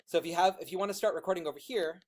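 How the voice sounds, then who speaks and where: A man teaching a class how to use software, talking in a loud teacher voice, chatty and informal with plenty of asides. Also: sits high, very fast.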